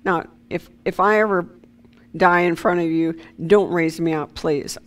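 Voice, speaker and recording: A woman's voice: on the low side, steady tone, a little slow. A woman preaching an informal sermon, talking conversationally with many fillers and restarts.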